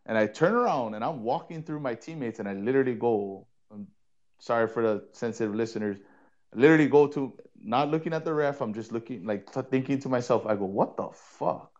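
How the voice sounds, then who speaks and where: Lively man telling football stories. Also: mid-range voice, quick pace, lo-fi sound. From Hawaii. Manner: animated, laughing, repeats words while telling anecdotes. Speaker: co-host, former player and coach. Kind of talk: casual storytelling in a podcast chat.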